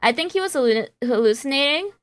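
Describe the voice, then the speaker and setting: Playful higher-voiced woman streamer. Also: expressive, quick pace, dry recording. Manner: playful, giggly, drifts into a valley girl lilt. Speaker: game streamer. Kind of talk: casual playthrough commentary, reading game dialogue aloud.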